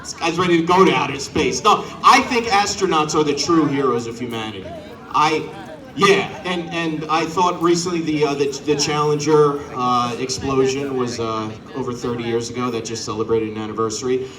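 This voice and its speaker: A man's voice: mid-range voice, normal speed, roomy sound, far from the mic. A man doing a stand-up set outdoors, teasing the crowd and acting out characters. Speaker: stand-up comedian. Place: outdoor show on a front lawn. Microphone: corded handheld mic.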